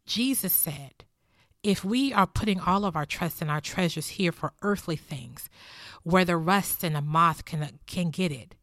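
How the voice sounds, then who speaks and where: A woman's voice: fairly low pitch, unhurried, a bit bright, no echo, studio quality. A middle-aged woman teaching about faith and money in an earnest, heartfelt, personal way, moving between teaching and prayer. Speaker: Christian teacher.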